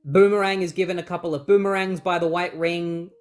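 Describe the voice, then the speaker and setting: A man's voice: high voice, steady tone, brisk, a little mellow, soft background music. A man casually recapping a comic book story in a chatty, sarcastic way and acting out the characters.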